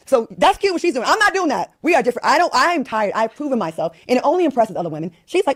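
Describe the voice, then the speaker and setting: A woman's voice: on the high side, animated, fast, hardly any pauses, no echo, clean studio sound. A woman, venting with exasperated, profane comic rants. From Rhode Island. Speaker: talk show guest. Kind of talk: venting in a conversation.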